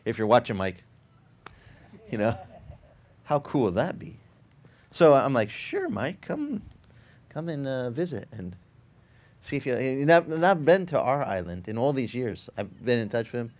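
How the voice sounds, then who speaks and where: A man's voice: mid-range voice, expressive, moderate pace, long pauses, a little mellow. A middle-aged man preaching as a pastor, telling stories casually with frequent restarts and swelling into emphatic encouragement. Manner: conversational storytelling, many restarts, rising to emphatic exhortation. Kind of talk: sermon. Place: outdoor beach service.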